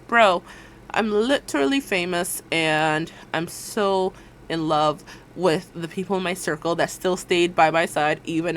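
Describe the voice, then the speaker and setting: A young woman chats casually to her livestream viewers. She is playful, quick to laugh and full of encouragement, and her voice rises and falls in lively swoops. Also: mid-range voice, slight background noise. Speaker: streamer.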